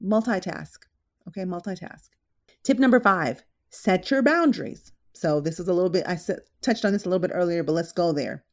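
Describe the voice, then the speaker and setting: A woman nurse hosting a podcast, talking casually and animatedly as she tells stories from her shifts. Her voice sits on the low side, and she often slips into acted-out quotes mid-story. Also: animated, a little fast. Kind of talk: casual advice talk with stories.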